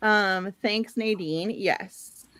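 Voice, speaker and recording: A woman's voice: medium pitch, very slow, fairly bright tone, dry recording. Give me a chatty woman from the Midwest hosting a livestream, with a dry close sound. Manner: chatty, laughs often, reads chat aloud. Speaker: host. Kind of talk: casual livestream chat.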